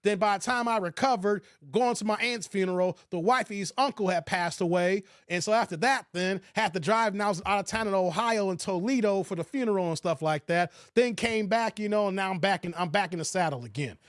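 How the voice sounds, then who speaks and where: Brief: animated livestream host, laughing, relaxed chat, voice on the high side. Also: male voice, fairly quick, few pauses, dry recording, studio quality.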